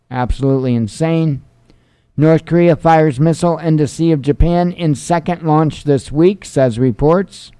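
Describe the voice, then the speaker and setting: A man's voice: on the high side, mellow, clean tone, no echo. A winded man hosting a news show, reading headlines aloud and adding dry, sarcastic asides between them.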